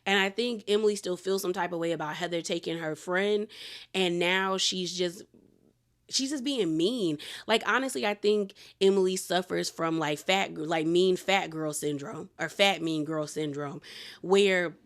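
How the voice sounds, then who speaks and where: Speaking at a measured pace in a lowish voice, a woman casually recaps a reality TV episode. She's chatty and opinionated and says "like" a lot.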